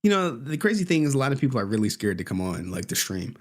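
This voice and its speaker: A male livestream host with a mid-pitched voice that swings widely in pitch as he jokes. He laughs between phrases and swears offhandedly, talking loosely to his viewers. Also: big pitch swings, fast talker. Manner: laughs often, jokey, swears casually. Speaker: streamer host. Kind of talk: casual livestream commentary.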